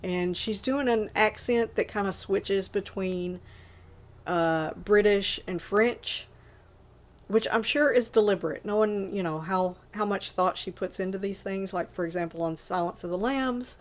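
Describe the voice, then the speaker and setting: A woman's voice: medium pitch, measured pace. A woman in her forties casually rambling about favorite movies, full of fillers and self-corrections. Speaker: movie list vlogger.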